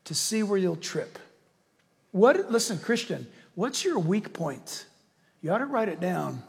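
A male pastor preaching a sermon with animated storytelling, acting out voices along the way. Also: high voice, slightly rough. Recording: long reverb of a large hall.

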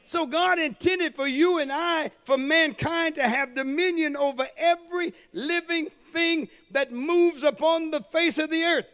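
A man with a strikingly high voice preaches a sermon. He calls out to the congregation and swells into shouted, sing-song phrases as he builds. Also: measured pace, hardly any pauses. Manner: call-and-response preaching, rising into shouted, half-sung cadences. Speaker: pastor.

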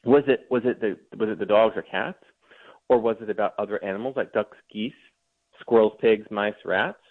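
A man's voice: fairly low pitch, normal speed. A man from Ohio, a guest author, telling a long story in an interview and often restarting his sentences. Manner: storytelling, with frequent restarts and mocking mimicry. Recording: tinny phone-like remote line.

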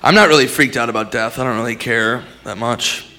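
A man doing stand-up comedy with deadpan dark jokes and sudden loud outbursts. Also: medium pitch, a little fast. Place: comedy club stage. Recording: live club recording with crowd. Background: audience laughter.

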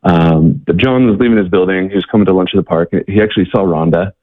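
A man talking as an interview guest, telling stories in a halting way, with many fillers and repeated words. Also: low-pitched, no room sound. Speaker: guest, charity worker. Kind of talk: casual interview storytelling. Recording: tinny, dry phone-like line.

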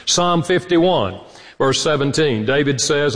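A man's voice: a little high, measured pace, fairly bright tone. Earnest man speaking in a hall. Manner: earnest, teaching, acts out quoted lines. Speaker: conference speaker. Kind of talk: marriage conference talk. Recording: reverberant hall from far off.

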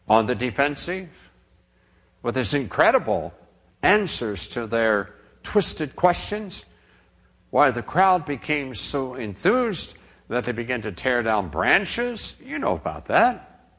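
A man preaching a sermon, dramatic in delivery and dropping to a hush on quoted words. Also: mid-range voice, big pitch swings, takes it slowly, slightly rough.

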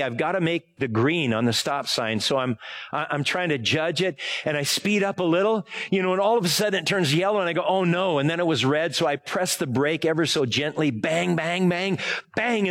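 A man's voice: fairly high pitch, fairly bright tone. A man preaching a casual sermon, telling a rambling personal story full of fillers and self-corrections. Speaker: pastor.

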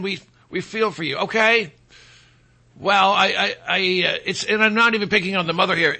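Man, talk radio host, sarcastic monologue, pitched high, bright and piercing tone. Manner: sarcastic, mocks people in put-on quoted voices.

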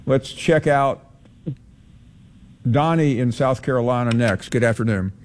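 A male sports radio host taking calls and talking slowly, with many hesitations. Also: mid-range voice, slight background noise. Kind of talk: call-in sports talk.

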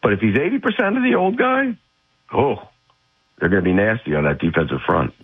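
A man's voice: lowish voice, big pitch swings, fairly quick, slightly rough. A man speaking as a guest football analyst on sports radio, blunt, opinionated and emphatic, heard over a phone line.

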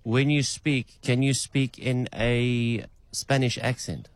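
A man in a casual, teasing mood, throwing odd questions at an AI phone agent. His voice sits at an ordinary middle pitch with a dry, close sound. He talks off-hand and amused. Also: steady tone, slow, no room sound. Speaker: caller testing an AI agent.

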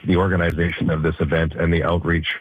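Deep flat man on a phone line. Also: quick pace, husky, dry recording. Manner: plain-spoken, with fillers. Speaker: fire chief. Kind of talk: phone interview. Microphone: telephone.

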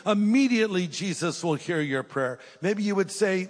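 A man's voice: sits high, expressive, moderate pace, few pauses. Older male pastor preaching in a reverberant hall. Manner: earnest, dynamic swings from loud urging to hushed prayer. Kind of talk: sermon with closing prayer. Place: large church auditorium with live audience.

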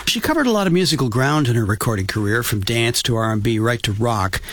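A man co-hosting a music talk show, reading a segment setup in a measured way. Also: medium pitch, expressive, fairly bright tone. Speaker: podcast co-host. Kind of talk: scripted segment setup and casual chat.

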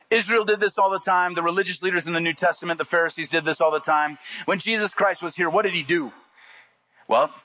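A man's voice: a little high, pushed and bright, low-quality recording. A man preaching a sermon, reading scripture and driving points home with emphatic rises. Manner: preaching with rising emphatic peaks and quoted asides. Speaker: pastor.

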